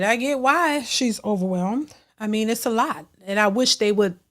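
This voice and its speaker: A woman hosts a casual reaction stream, thanking viewers and giving her take. Her voice sits a bit high, and she jumps higher when she gets emphatic, repeating words as she goes. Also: a bit bright. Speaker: reaction channel host. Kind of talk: casual commentary reading super chats.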